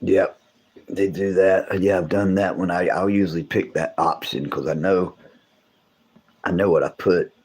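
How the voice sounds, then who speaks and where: Guy on a livestream, real deep husky voice, just rambling and cussing with chat. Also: steady tone, a little slow, a little mellow. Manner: rambling, swears casually, talks to chat. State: voice deeper from coughing. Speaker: livestream host.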